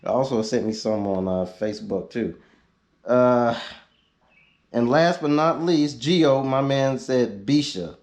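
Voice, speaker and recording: A man's voice: mid-range voice, slow, a little mellow. A man, chatting casually on his car vlog, reading out viewer suggestions with laid-back joking asides. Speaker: YouTube car vlogger.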